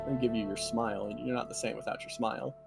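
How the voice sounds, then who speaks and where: A man's voice: medium pitch, steady tone, fast talker, creaky. A man narrating as game master of a tabletop role-playing game in loose, rambling narration. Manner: loose, filler-heavy narration. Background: soft background music.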